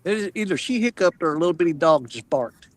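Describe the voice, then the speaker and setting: A man, hosting a fishing stream outdoors on a river and chatting in a relaxed, joking way. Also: fairly high pitch, quick pace. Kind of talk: casual chat.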